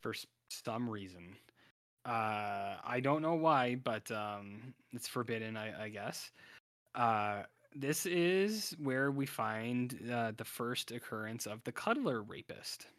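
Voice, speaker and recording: A man's voice: mid-range voice, expressive, slow pace, a bit bright, dry recording, clean studio sound. A man co-hosting a podcast, casually recapping a TV series with lots of ums, uhs and restarts. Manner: rambling, heavy on fillers and restarts. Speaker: podcast co-host. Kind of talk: casual chat recapping a TV show.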